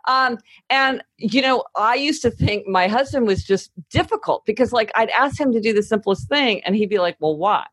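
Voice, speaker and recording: A woman's voice: fairly high pitch, normal speed, fairly bright tone, husky, no echo. A middle-aged woman, an author guest on a podcast, talking in an emphatic, explanatory way in casual conversation. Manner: emphatic, acts out quoted voices while explaining.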